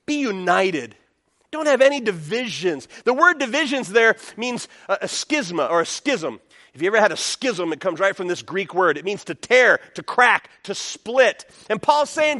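Male pastor, sermon, lively swooping pitch, calls to the congregation. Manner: animated preaching with call-and-response.

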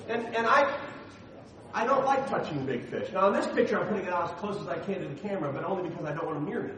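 A middle-aged man preaching a sermon as the pastor, telling personal stories with animated, self-deprecating humor. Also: sits high, quick pace, very echoey, far from the mic, some chatter behind, rough recording.

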